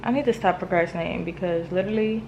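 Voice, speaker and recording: A woman's voice: on the low side, quick pace, lo-fi sound, noisy background. A young woman in her twenties from Maryland, chatting to camera in a gushing, casual vlog style. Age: 20s. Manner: chatty and gushing, lots of "like" and "y'all". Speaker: vlogger. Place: home, then a car.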